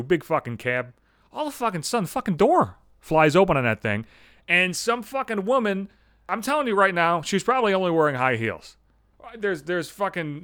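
A man hosting his own podcast, telling rambling comedic stories, profane and animated. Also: on the high side, no echo, clean studio sound. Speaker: podcast host. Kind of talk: comedic storytelling monologue.

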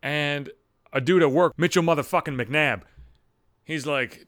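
A man hosting his own show, telling a profane comic story in an animated rant and swearing freely. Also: on the high side, unhurried, pauses often, dry recording, studio quality. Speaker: host.

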